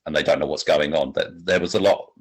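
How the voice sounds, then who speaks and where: Really deep voiced guy on a film podcast, halting and rambly. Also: breathy edge. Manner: rambling, halting, many restarts. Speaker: podcast co-host. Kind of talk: casual film review chat.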